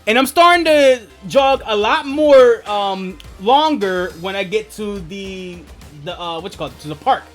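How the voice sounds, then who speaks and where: Young male streamer, casual and profane, very animated delivery over faint game music. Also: high voice, unhurried. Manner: profane, rambling, laughs often. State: asthmatic. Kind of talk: casual gaming stream chat.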